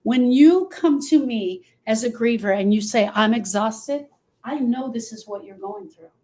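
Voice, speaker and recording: A woman's voice: on the high side, moderate pace, warm tone. Emphatic woman coaching in an echoey room. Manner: emphatic, repetitive, addresses listeners directly. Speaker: grief coach. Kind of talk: live teaching talk.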